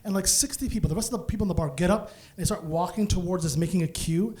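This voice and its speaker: A young man telling a stand-up story on stage, his voice sitting high for a man. He talks quickly and with plenty of animation, tossing in asides, with a handheld mic close to his mouth. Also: darkish tone. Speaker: stand-up comedian. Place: comedy venue stage.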